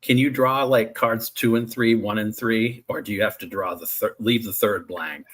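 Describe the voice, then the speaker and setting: A man's voice: lowish voice, steady tone, moderate pace, a bit bright, slightly rough. A man calling in to a tarot live stream, asking a question hesitantly and restarting it. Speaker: caller asking the host a question. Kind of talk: casual live-stream chat.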